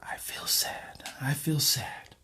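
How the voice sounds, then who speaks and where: A man voicing the quiet, heavy inner voice of depression in a faint, unvoiced whisper, as a whispered role-play. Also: high-pitched, animated, measured pace, a little hiss or hum. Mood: sad, hushed.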